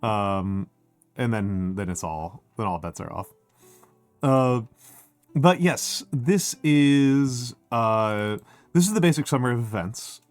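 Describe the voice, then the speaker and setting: A man's voice: mid-range voice, animated, slow pace, dry recording. A middle-aged man chats with his stream while his throat sounds a bit scratchy. He rambles, pokes fun at himself and reads out viewer names. The sound is dry and close, with faint music underneath. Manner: rambling, self-deprecating, reads chat aloud. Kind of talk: casual chat with stream chat.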